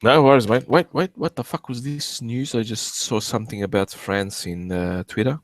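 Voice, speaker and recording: An Australian man hosting a casual group voice chat, excitable, swearing freely and laughing often. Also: mid-range voice, moderate pace, no echo. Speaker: host.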